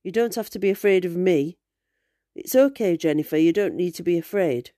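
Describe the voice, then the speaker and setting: A rough-voiced, mysterious young man speaks in slow, lively questions that turn coaxing, put on by a woman reading a story. The voice sits low and mellow, and the sound is close and dry. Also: no room sound, close to an everyday voice.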